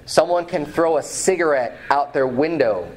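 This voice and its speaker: A pastor preaching a sermon in church, reading scripture aloud with some restarts and fillers. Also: male voice, a little high, normal speed. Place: church sanctuary.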